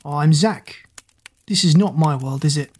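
A small doll prince, young and frightened, who talks with an anxious earnestness, voiced by a woman. The voice sits low and husky, as heard in a storybook reading. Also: measured pace, darkish tone.

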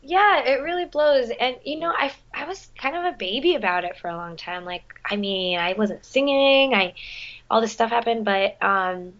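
A woman's voice: a little high, normal speed, fairly bright tone, muffled recording. A young woman chatting casually about her theater career, with lots of fillers and restarts. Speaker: guest, musical theater performer. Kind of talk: casual chat.

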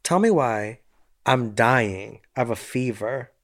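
A young man co-hosting a podcast, telling a story in casual chat, animated and acting out what people said, with some swearing. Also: mid-range voice, slow. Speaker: podcast co-host.

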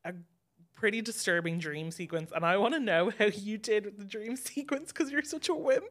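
A woman's voice: medium pitch, normal speed. A woman co-hosting a film podcast in casual chat, with a dry, teasing, understated manner. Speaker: podcast co-host.

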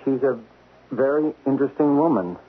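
Flustered spy, stammering, husky voice, animated pitch, tinny radio sound. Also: male voice, moderate pace. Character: nervous male undercover agent posing as American. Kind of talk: 1970s radio drama acting. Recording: lo-fi narrow-band radio recording.

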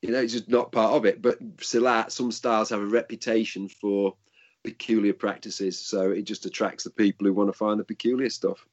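A man's voice: on the low side, little pitch movement, brisk, dull audio. An older man and martial arts instructor answering interview questions in a casual, rambling way with frequent restarts.

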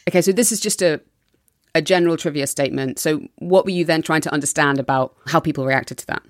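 A woman's voice: low voice, fast. A woman interviewer who sums up what the guest said and then prompts her with questions.

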